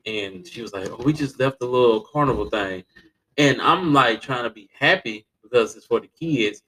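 A man in his thirties telling stories in a casual conversation, swearing freely and switching between quiet and loud, laughing often. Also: normal speed, rough recording. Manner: animated, laughing, swings between low and loud; casual profanity and slang. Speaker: podcast guest.

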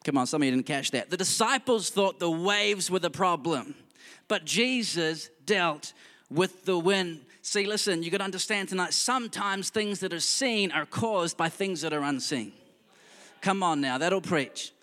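Bright high-pitched male preacher. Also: normal speed, in a large hall. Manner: conversational preaching with asides and laughter. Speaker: pastor. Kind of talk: sermon.

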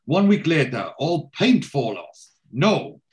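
A man voicing a scheming foreign fixer who explains himself in halting, broken English. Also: a little high, very animated, darkish tone.

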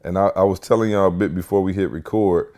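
A man hosting a casual podcast, telling a family story with lively energy and acting out what people said. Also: low voice, fast. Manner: animated storyteller, acts out quotes. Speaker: podcast host.

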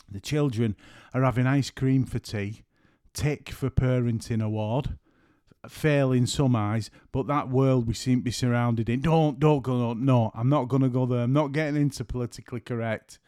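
A man's voice: medium pitch, warm tone, no echo, studio quality. A middle-aged man hosting a casual solo podcast from home, rambling and joking as he keeps breaking off mid-sentence. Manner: rambling, jokey, keeps interrupting himself. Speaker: podcast host and photographer. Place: at home after work.

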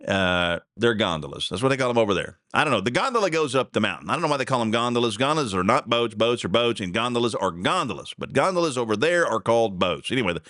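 A man's voice: medium pitch, a bit bright, no room sound, studio quality. A man hosting a talk radio show, rambling through stories in a casual, folksy way with frequent chuckles and asides. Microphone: studio mic.

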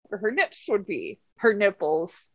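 A woman's voice: mid-range voice, very animated, measured pace, a bit bright. A woman hosting a podcast, ranting about a bad film in casual, profane, rambling chat. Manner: profane, rambling, exasperated storytelling. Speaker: podcast host reviewing a film.

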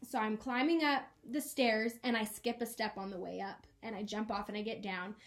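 A woman's voice: mid-range voice, steady tone. A young woman in her twenties, a podcast co-host, telling a personal story in an earnest, emotional way. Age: 20s. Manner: earnest, emotional, quick laughs. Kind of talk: casual chat, personal story.

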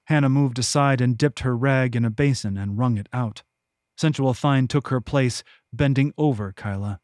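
A man narrates his fantasy novel in a measured, even storytelling voice. His pitch sits in an ordinary middle range, and the recording is close and dry with no room sound. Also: no echo. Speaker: audiobook narrator. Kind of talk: scripted narration.

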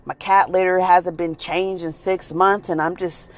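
A streetwise tomcat who brags in a loose, slangy drawl and breaks into high meows, as a woman puts him on. His talk stays easygoing and full of swagger. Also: level tone, a little slow, lightly acted. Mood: boastful. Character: laid-back male tomcat, boastful and streetwise.

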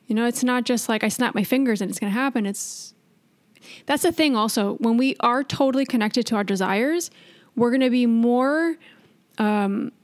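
A woman's voice: fairly high pitch, darkish tone. A woman co-hosting a podcast in casual chat, explaining her views earnestly with plenty of fillers. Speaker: podcast co-host.

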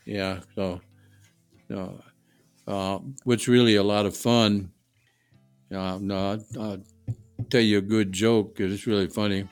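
An older man with a New Orleans accent tells folksy, rambling shop stories at a home dining table. His voice sits low and the sound is dry and close, with faint music underneath. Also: flat delivery, slow, pauses often, smooth, no echo. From Louisiana. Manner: folksy, rambling, repeats words. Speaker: guest, HVAC tradesman. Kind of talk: casual storytelling chat. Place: family dining table, indoors.

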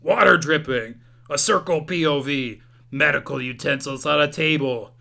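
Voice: medium pitch, normal speed, gravelly, sharp tone. A podcast co-host casually recapping a horror movie scene by scene, joking and acting out the lines. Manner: jokey, narrates scenes and acts out the lines.

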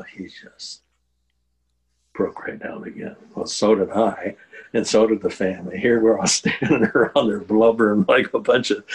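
Over poor audio, an older man with a lowish, darkish voice tells an emotional war veteran story as a guest in a casual interview. He is earnest and uses lots of fillers.

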